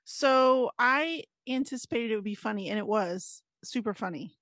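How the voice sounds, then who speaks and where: A woman's voice: on the high side, expressive, moderate pace, a bit bright, no echo, clean studio sound. A woman, likely in her thirties or forties, guesting on a casual podcast and telling personal stories in an earnest, anxious way. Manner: earnest storyteller, anxious, frequent fillers. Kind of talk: casual chat.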